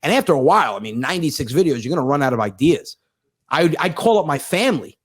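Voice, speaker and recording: A man in his thirties, a comedian telling stories in a fast, profane, sarcastic casual chat. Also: on the high side, sing-song, slightly rough, dry recording. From United States. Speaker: comedian guest.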